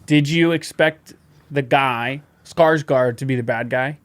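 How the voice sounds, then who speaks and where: A man's voice: medium pitch, measured pace, no echo. A man co-hosting a podcast in casual chat, teasing and arguing his point. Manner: teasing, argumentative. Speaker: podcast co-host.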